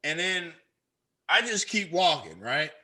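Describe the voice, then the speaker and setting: Bright-voiced Chicago man ranting. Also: fairly high pitch, a little slow. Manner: animated, profane, acts out quoted lines. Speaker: podcast co-host. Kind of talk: casual storytelling chat.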